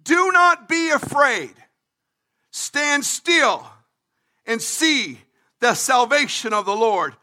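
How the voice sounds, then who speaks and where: A man's voice: very high-pitched, pushed and bright. A man preaching a livestreamed sermon as pastor, reading scripture aloud and pressing his points with emphatic repetition.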